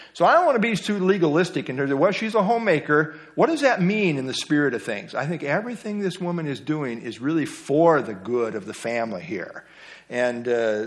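A middle-aged man teaching a Bible study lesson. He talks conversationally, asks the class questions and adds small jokes. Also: mid-range voice.

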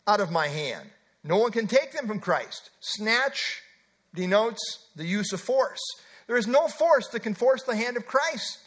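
Brief: male preacher, high voice, emphatic sermon delivery with casual asides. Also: a bit bright. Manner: emphatic, with asides and filler words. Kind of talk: expository sermon.

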